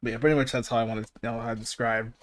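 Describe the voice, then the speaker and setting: A male streamer chats casually on his podcast in a mid-pitched, level voice at a very fast clip. He rambles, laughs a lot, swears freely, and stumbles as he restarts sentences.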